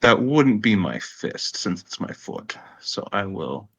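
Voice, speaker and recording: Male player, matter-of-fact, lowish bright voice. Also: big pitch swings, slow, slightly rough. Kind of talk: casual tabletop game talk.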